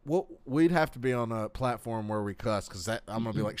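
A man hosting a loose comedy podcast, trading crude jokes and quick asides with his co-host. His pitch sits at an ordinary middle level and his delivery stays casual and offhand. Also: lively intonation, clear, resonant tone.

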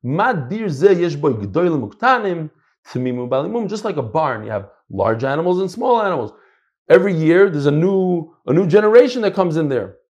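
A middle-aged man teaching a casual Talmud class, animated and swinging between loud and soft. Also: a little high, moderate pace, dull audio.

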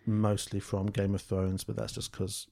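A man's voice: fairly low pitch, completely flat delivery, moderate pace, gravelly, dark tone. A man co-hosting a podcast, chatting casually and jokily about a film. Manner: chatty, self-deprecating, jokey. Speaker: podcast co-host. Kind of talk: casual film review chat.

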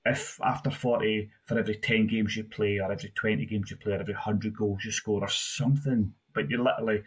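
A man co-hosting a gaming podcast with a husky, lowish voice. He rambles and restarts, rattling off player numbers in a loose, conversational way. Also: steady tone, fast, few pauses. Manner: rambling, restarts often, lists stats. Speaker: podcast co-host. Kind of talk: casual gaming podcast chat.

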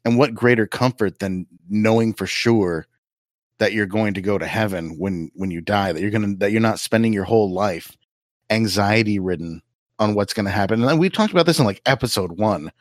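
A man's voice: fairly low pitch, fairly quick, dry recording, clean studio sound. A man co-hosting a podcast, talking loosely with lots of restarts and fillers. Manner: rambling, with many restarts and fillers. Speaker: podcast co-host. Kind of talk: casual chat.

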